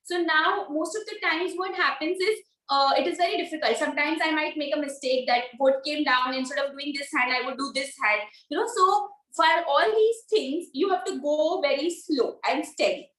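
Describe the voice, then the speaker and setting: Young woman teaching storytelling over a video call; high voice, echoey room, patient and repetitive. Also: normal speed, few pauses, a bit bright. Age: young adult. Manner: explanatory, repeats key points. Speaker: storytelling workshop presenter. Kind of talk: teaching a workshop.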